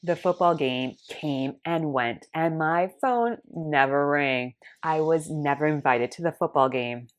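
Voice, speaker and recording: Animated woman telling a testimony story. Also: low-pitched, measured pace, hardly any pauses. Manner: animated, acts out dialogue in voices.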